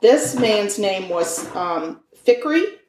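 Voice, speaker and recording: A woman's voice: medium pitch, lively intonation, slow, distant mic, background noise. A woman co-hosting a podcast, telling a true-crime case in a chatty, folksy way and stumbling over foreign names. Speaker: podcast co-host. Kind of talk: casual true-crime storytelling. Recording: echoey room.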